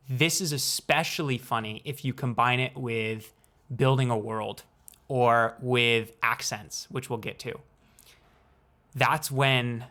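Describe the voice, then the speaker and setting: A young man hosts a casual explanatory vlog at a mid-range pitch. He is playful and unhurried and leaves deliberate pauses between phrases. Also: pushed and bright. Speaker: student video creator.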